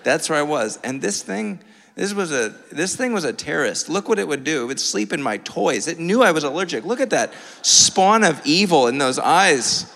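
A man preaching a sermon from a church, telling a funny personal story with lively, self-mocking energy. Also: a little high, normal speed, gravelly. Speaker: pastor. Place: church sanctuary. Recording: long reverb of a church hall.

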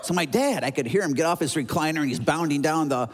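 Animated Chicago-raised preacher in an echoing hall. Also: male voice, fairly high pitch, quick pace. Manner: animated, acts out noises and voices. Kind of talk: sermon storytelling. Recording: long hall reverb.

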